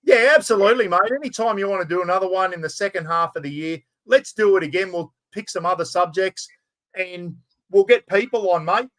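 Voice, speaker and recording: An older Australian man hosts a casual live-stream chat, friendly and matey, calling everyone "mate" constantly. His voice sits high and fairly bright, and he talks briskly on a low-quality recording.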